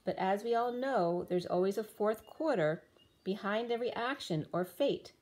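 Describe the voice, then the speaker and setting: Giving a spiritual tarot reading, this woman drifts through loose, dreamy associations and tosses in rhyming asides as she free-associates. Her medium-pitched voice is a little mellow and moderately paced, and it's starting to give out.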